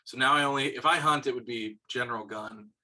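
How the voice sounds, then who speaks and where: A young man co-hosting a podcast, casually telling hunting stories, swearing freely and getting animated when he quotes people. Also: mid-range voice, quick pace. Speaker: podcast co-host. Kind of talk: casual storytelling chat.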